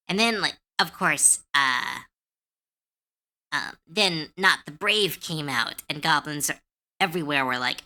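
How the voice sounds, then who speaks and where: A woman streaming live, chatting casually, animated and opinionated, with lots of filler words and swearing. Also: low voice, unhurried. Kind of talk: casual livestream chat.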